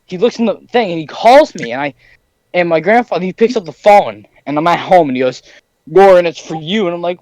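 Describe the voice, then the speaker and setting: A teenage boy with a high voice tells a story, lively and animated, acting out the voices of everyone in it. The sound is dry and close, with no room around it. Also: fast talker, no room sound, low-quality recording. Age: teens. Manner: animated, acts out voices in his stories. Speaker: podcast host. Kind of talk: casual podcast storytelling.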